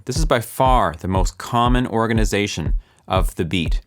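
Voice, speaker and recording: A man teaching music production, explaining calmly with the odd um and counting beats aloud softly. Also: on the low side, normal speed, hardly any pauses, noisy background. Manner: explains calmly with filler ums. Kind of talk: relaxed screen-recorded lesson.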